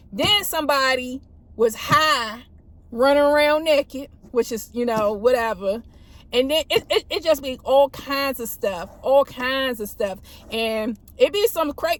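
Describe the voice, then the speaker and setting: Woman, high voice, casual storytelling, acts out radio calls, speaks from a car. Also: fairly bright tone. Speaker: police officer vlogger.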